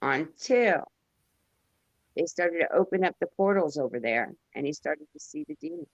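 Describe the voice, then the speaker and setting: A woman in a casual spiritual chat, talking in a halting way and repeating words. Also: low-pitched, expressive, lo-fi sound.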